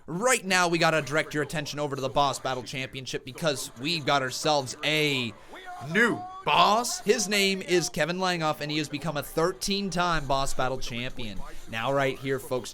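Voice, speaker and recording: Excitable man calling wrestling action. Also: mid-range voice, moderate pace. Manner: excitable, calls the action like a commentator. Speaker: live stream host. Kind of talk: live wrestling reaction stream.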